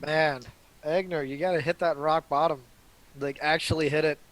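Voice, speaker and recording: A man's voice: on the high side, steady tone, normal speed. Rambling man playing a tabletop game. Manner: rambling, with many restarts. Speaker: player.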